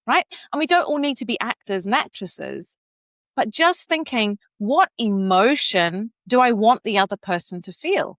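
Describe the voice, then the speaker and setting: Woman, coach guest; expressive, dry booth sound. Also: fairly high pitch, brisk, dry recording. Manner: expressive, demonstrates vocal inflection. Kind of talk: podcast interview.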